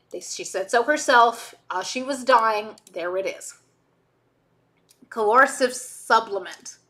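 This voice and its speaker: A woman with a fairly high, animated voice chats casually on a stream while editing. She drifts into tangents and cuts herself off with quick asides, with her pitch bouncing around as she goes. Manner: rambling, tangent-prone, frequent self-interrupting asides.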